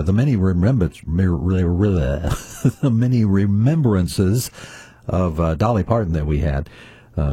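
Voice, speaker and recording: A man's voice: deep voice, mellow, slightly rough, no echo. A man hosting a morning radio program, chatting in a rambling, folksy way. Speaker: radio host. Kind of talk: casual morning radio chat.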